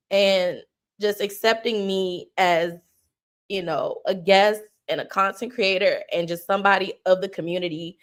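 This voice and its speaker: Livestream host, woman, slow preacherly delivery, emotional and homey. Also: mid-range voice. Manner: homey and emotional, slipping into churchy cadence. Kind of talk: mock funeral tribute on a livestream.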